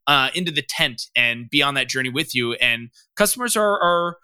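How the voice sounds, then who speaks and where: A young adult man, a startup founder, speaks openly and candidly in a casual podcast interview, rambling and padding his sentences with "you know." His medium-pitched voice is animated, pushed and bright yet smooth, at a moderate pace with no echo.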